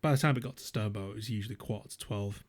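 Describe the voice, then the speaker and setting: A man's voice: on the low side, very fast. A young man, co-hosting a podcast and telling rambling stories in a casual chat, full of "um"s and swearing. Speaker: podcast co-host.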